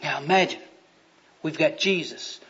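Man, preacher, high voice, storytelling sermon, loud then hushed, muffled lo-fi sound. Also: unhurried, husky. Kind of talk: sermon with acted Bible scenes.

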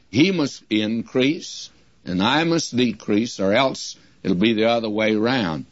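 An older man teaching the Bible on the radio, preaching slowly and deliberately with emphatic repeated phrases. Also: medium pitch, no room sound. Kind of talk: radio sermon. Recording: dull lo-fi dry radio recording.

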